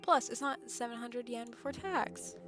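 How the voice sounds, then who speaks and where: A chatty young woman streams herself reading a visual novel aloud, filling gaps with casual asides and loose filler words. She sounds a little out of breath and trips over words at times. Clear game music plays behind her. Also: fairly high pitch, normal speed. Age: young adult. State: somewhat out of breath.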